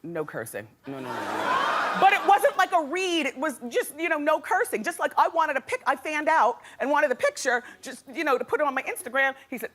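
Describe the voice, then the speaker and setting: A woman's voice: high voice, fairly quick, few pauses, a bit bright. A middle-aged woman hosting a daytime talk show, telling gossip stories in a chatty, dramatic way with frequent laughs. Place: TV studio with live audience. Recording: studio audience noise and crowd.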